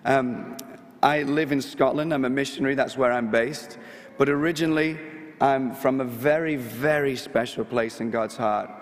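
Hoarse man, manchester accent, missionary talk, jokey, long church echo. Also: mid-range voice, normal speed. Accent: Mancunian English. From England. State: hoarse, getting over illness. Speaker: missionary preacher.

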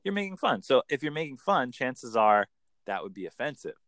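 A man, a coach explaining in an enthusiastic conversational interview with quick acted examples. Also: mid-range voice, sing-song, a bit bright, no room sound. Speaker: accent coach.

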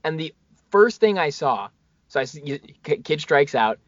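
A man hosting a casual talk show, chatting quickly and retelling conversations. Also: a little high, big pitch swings, no echo, highs cut off. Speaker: host. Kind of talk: casual chat.

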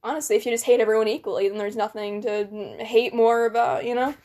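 A woman's voice: a little high, steady tone, quick pace, dark tone, slight background noise. Blunt, joking young American woman. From United States. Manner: blunt, joking, swears freely. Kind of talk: casual chat.

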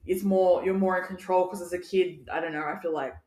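A woman in her thirties from Australia, co-hosting a podcast in casual chat, telling lively stories, swearing and laughing often. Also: on the low side, brisk. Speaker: podcast co-host. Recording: echoey room.

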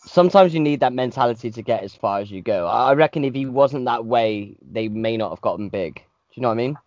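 A man's voice: mid-range voice, expressive, quick pace, darkish tone, dry recording, studio quality. A young man, chatting agreeably on a podcast and asking the others questions. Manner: agreeable, lots of backchannel, laughs. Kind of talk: casual chat.

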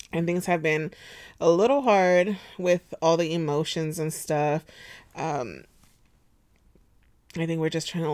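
A woman in her thirties hosting a podcast at home, chatty and expressive, laughing often. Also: low voice, dry recording. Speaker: podcast host. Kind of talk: casual chat.

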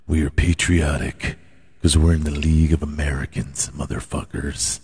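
A man hosting a sports podcast, running through the standings with crude jokes, sudden loud outbursts, sing-song bits and laughter at his own gags. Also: a bass voice, level tone, moderate pace, slightly rough, no room sound. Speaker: podcast host. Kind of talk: profane comedic sports rundown.

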